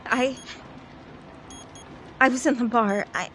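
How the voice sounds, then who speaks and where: A woman's voice: on the high side, slow, fairly bright tone, soft background music. An actress voicing a terrified, pleading young woman held captive in a video game. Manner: panicked, pleading. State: frightened, near hysterical.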